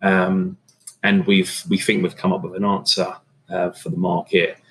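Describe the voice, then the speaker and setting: A man's voice: low voice, normal speed, breathy edge, low-quality recording. A middle-aged man, a catering business owner, chatting casually in an interview with lots of fillers and restarts. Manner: relaxed, rambling, many fillers and restarts.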